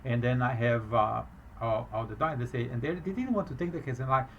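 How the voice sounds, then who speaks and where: Halting, rambling man with a foreign accent. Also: mid-range voice, dull audio, a little hiss or hum. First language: not English, speaks with a foreign accent. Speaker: business owner recounting a fraud case. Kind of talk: emotional personal account.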